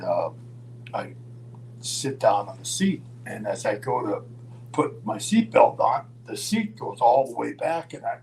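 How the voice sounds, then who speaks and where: An older man from Minnesota spins a road story at a middle pitch, slipping into quoted voices and chuckling as he goes. A faint electrical hum sits under his voice. His talk is loose and casual. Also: low-quality recording. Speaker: storyteller guest. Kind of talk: casual anecdote telling.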